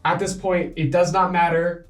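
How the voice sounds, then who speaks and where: A man narrating a tabletop game as game master, in a brisk, easygoing way with many fillers. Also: high voice, flat delivery, slight background noise. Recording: echoey room, far from mic.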